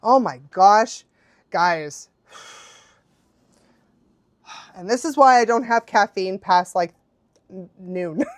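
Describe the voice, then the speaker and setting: A woman's voice: mid-range voice, slow, pauses often, no room sound. A young adult woman chatting casually on a live stream as a dog trainer, bubbly and laughing often.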